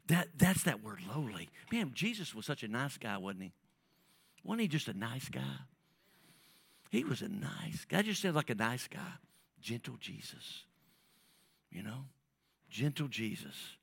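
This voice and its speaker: A man preaching a sermon as pastor, talking to the congregation in a conversational way, dropping to near whispers and rising to loud emphatic peaks, often repeating and restarting his words. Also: mid-range voice, big pitch swings, unhurried, vocal fry, long pauses, slightly rough, no room sound.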